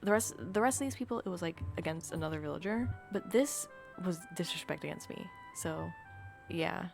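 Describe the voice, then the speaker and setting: A tired young woman chatting casually in a vlog, ranting in a dramatic, exaggerated way with low energy. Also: expressive, normal speed, vocal fry, music in the background. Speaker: video creator. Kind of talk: casual gaming vlog chat.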